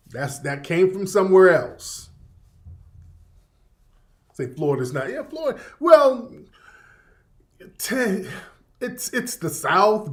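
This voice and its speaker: A man hosts his radio show as casual livestream commentary, talking in a fairly high voice. He rambles, swears freely and circles back over the same points while reacting to the chat.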